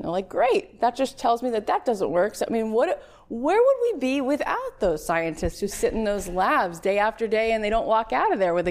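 A woman in her thirties, a podcast host giving a chatty motivational talk, telling stories with lively acted-out quotes. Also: mid-range voice. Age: 30s.

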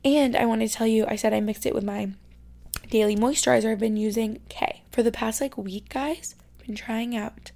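A young woman from New York State chatting casually as a podcast host, full of "like" fillers and sometimes dropping into soft, whispery asides. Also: a little high, steady tone, brisk, vocal fry. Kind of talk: casual chat. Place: her bedroom.

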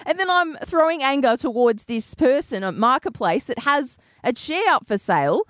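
Woman radio co-host, fairly high voice with lots of swing, animated storyteller, dry close mic. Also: normal speed, no echo. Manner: lively storytelling, acting out quoted dialogue. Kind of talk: breakfast radio chat.

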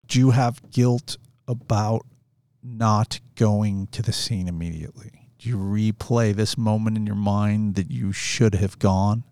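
A man hosting a podcast, asking measured, probing interview questions. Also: lowish voice, steady tone, mellow, dry recording.

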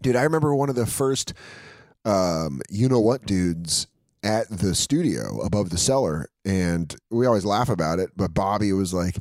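A man in his thirties, a comedian in casual chat, telling stories animatedly and jumping up high when he quotes people. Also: moderate pace, no room sound. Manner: animated storytelling, jumps up high for quoted voices. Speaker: comedian, podcast host.

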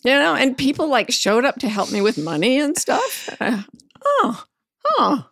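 A woman's voice: sits high, very animated, measured pace, creaky, fairly bright tone, no room sound. A middle-aged woman, an interview guest, telling personal stories candidly and frankly, now and then swearing. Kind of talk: personal storytelling in conversation.

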